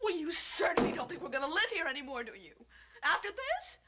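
An actress playing a passionate young wife in a 1960s film comedy, emphatic and indignant. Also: female voice, high voice, very animated, fairly quick, heavy background noise. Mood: tearful. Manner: indignant, emphatic, near tears. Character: impulsive, passionate young newlywed wife, woman.

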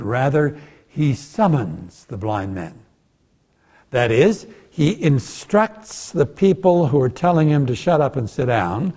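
A man's voice: mid-range voice, a little mellow, breathy edge. An older man giving a bible lecture as a guest speaker, telling the story with animation and acting out the voices of the people in it.

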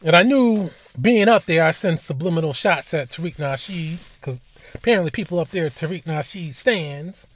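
A man's voice: fairly high pitch, animated, moderate pace, dry recording. A man telling stories in a casual, rambling monologue, blunt and profane, often stumbling over and repeating his words as a commentary host.

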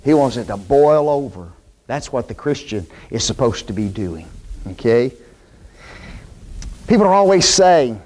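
A man teaching a Bible class sermon in a church, folksy and animated, often asking the class questions. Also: medium pitch, measured pace, long pauses. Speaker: preacher.

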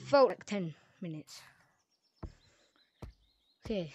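A woman talking her way through a game round in loose, reactive running commentary, mostly muttering to herself at a middle pitch. Faint noise sits under her voice. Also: animated, slow, long pauses, darkish tone, highs cut off. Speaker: gaming creator. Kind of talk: live gameplay commentary.

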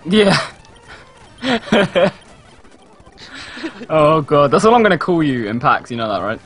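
Bright-voiced playful British guy. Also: on the high side, sing-song, takes it slowly. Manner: playful, laughs easily. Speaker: guest co-streamer. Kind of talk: casual joking chat over a call.

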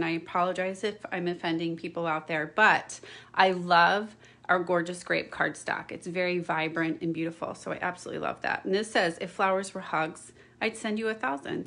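A woman's voice: fairly low pitch, fairly even intonation, a little fast, bright, forceful tone. A middle-aged woman chatting through a card-making tutorial, with apologetic asides and frequent "okay?" check-ins. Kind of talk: casual craft tutorial.

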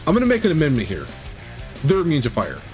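A young man running and narrating a tabletop game, animated and often laughing. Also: on the high side, fast talker, faint music behind. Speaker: game master and streamer.

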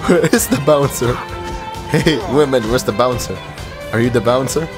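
A man streaming gameplay, laughing often and yelling at the game. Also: medium pitch, moderate pace, over music. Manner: giggly, shouting at the game. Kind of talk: let's play commentary.

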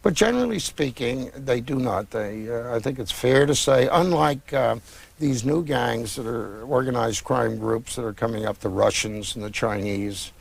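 A man in his sixties, an author, answering interview questions in a reflective, meandering way with frequent pauses and restarts. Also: medium pitch, gravelly. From United States. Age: 60s. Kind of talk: conversational interview.

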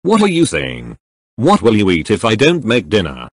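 A man's voice: lowish voice, wildly swooping pitch, normal speed, slightly rough, no echo, full character voice. A man voicing a brash, hot-tempered young male hero who snaps crude insults, in a fan audio drama reading. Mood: gruff.

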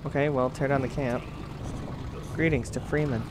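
A man's voice: medium pitch, steady tone, moderate pace. A man giving goofy, mildly crude commentary while playing a video game. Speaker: gamer. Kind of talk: gameplay commentary. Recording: noisy, with game sound behind.

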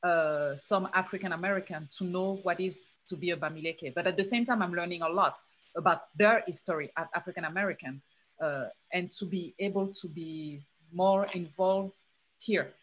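A woman from Cameroon whose first language is French, speaking on a panel in a measured, hesitant way with fillers. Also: fairly low pitch, a bit bright, low-quality recording. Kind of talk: panel discussion.

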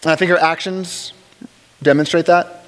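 A man teaching a church Bible study in a relaxed, conversational way, with joking asides and frequent restarts. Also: a little high, normal speed. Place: church hall. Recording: long reverb of a large hall.

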